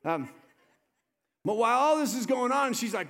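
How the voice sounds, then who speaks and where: A male pastor preaching a sermon, swinging between loud urgent appeals and low soft asides. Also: animated, moderate pace. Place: church sanctuary. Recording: live church sermon with long reverb.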